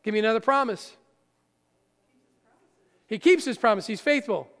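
A man preaching a sermon as pastor, animated and often asking the audience questions. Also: high voice, normal speed. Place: church sanctuary. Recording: church hall with long reverb.

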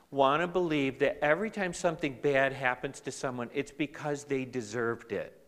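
A man preaching a sermon as pastor, animated and talking straight to his congregation. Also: medium pitch, long reverb tail.

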